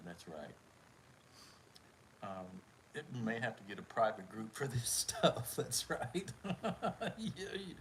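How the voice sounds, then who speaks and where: A man's voice: lowish voice, animated, a little slow, noisy background. A man hosting a casual livestream chat from home, laughing often and ending phrases with "man.". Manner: laughs often, drawls "man" at line ends. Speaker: livestream host.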